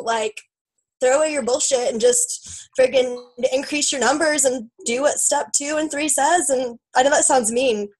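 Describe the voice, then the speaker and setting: A woman's voice: on the high side, low-quality recording. A woman telling her own story in a casual, emotional way, tearful at times, with lots of fillers and quoted self-talk. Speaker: team member sharing her story.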